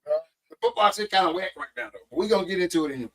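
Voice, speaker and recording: A co-host on a casual sports podcast speaks a bit higher than most men, bluntly and in loose slang, often mocking his subject. He's expressive and rapid-fire, and the audio is poor.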